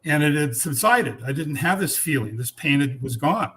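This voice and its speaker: A man in his sixties, guesting on a podcast, tells a personal story frankly and earnestly, using blunt language and halting restarts. His voice is fairly high, animated and a bit bright.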